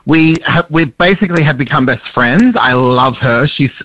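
A man's voice: medium pitch, normal speed, no echo, highs cut off. An Australian man speaking as a guest musician in a radio studio, telling a story with lots of laughter. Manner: animated storyteller, laughs often. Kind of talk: casual radio chat.

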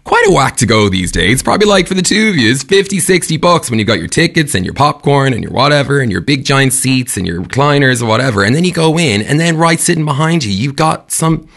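Ranting Irish radio host with a gravelly voice. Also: male voice, mid-range voice, quick pace, few pauses. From Ireland. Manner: animated, ranting, laughs often. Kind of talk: chatty radio monologue.

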